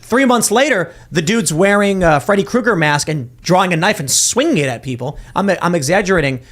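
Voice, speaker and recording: A man hosting a political talk show, arguing his point emphatically in casual chat. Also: a little high. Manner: emphatic, argues with acted-out quotes. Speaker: podcast host.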